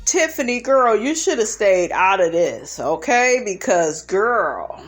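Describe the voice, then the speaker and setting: A woman's voice: medium pitch, sing-song, slow pace, faint music behind. Sassy woman gossiping through a recap. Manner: sassy, gossipy, peppers talk with "honey, okay?"; profane and blunt. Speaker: reality TV recap host. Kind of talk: casual commentary recap.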